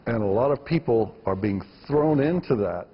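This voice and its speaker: A man's voice: medium pitch, expressive, normal speed, slightly rough, long reverb tail, lo-fi sound. A man, a filmmaker guest, answering interview questions emphatically and repeating words for stress.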